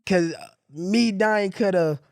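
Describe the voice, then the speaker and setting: A man hosting a podcast, telling stories in a loose, animated way. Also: high-pitched, slow pace, creaky, smooth, no echo, studio quality. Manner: storytelling, animated retelling. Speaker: podcast host. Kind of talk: casual podcast chat.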